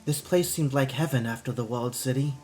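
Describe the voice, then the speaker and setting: A man voicing a weary, cynical young woman in a video game, reading her dialogue aloud in a flat, subdued way during a live stream. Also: medium pitch, fairly quick, faint music behind, lightly acted. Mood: bitter, weary.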